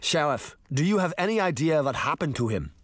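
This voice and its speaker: A man's voice: a little high, sing-song, a little fast, a bit bright, no echo. A man reading an audiobook, voicing a matter-of-fact school principal in a plain tone.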